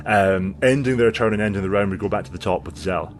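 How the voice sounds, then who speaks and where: A man running a tabletop game as game master, narrating the action in a vivid, relaxed way with many fillers. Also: lowish voice, fast talker.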